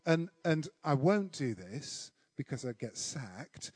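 A man's voice: on the high side, sing-song, takes it slowly, darkish tone, husky, dry recording. A man preaching a sermon, telling a self-deprecating personal story with humour before turning to worship.

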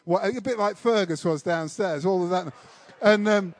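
A man's voice: high voice, normal speed. A man preaching a sermon, telling a self-deprecating personal story with humour before turning to worship.

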